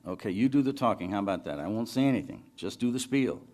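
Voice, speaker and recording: A man's voice: lowish voice, expressive, fast, a little mellow, close to an everyday voice. An author reading fiction aloud, voicing a lonely, needy man on a phone line, with an earnest, pleading manner.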